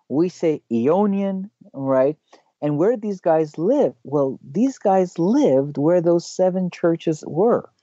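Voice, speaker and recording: A man talks through a map on screen, often stopping to restart his sentences and pausing on fillers. His voice is mellow and dark and sits dry and close. The sound is a bit dull and lo-fi. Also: medium pitch, dry recording. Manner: halting, many restarts and fillers. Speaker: regular guest teacher.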